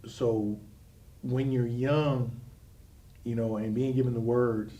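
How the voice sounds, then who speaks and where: A man from Cleveland speaks earnestly about his past, pausing and restarting as he searches for words. His voice sits in a middle register. The mic is set back, so he sounds a little distant. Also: mid-range voice, steady tone, dark tone. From Cleveland, Ohio. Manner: earnest, reflective, with hesitations. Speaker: co-host. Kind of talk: personal life story in conversation.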